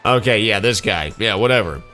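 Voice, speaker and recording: A man's voice: fairly low pitch, expressive, fairly quick, sharp tone, faint music behind. A man casually commenting on a video game as he plays, sarcastic and joking. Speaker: let's play host.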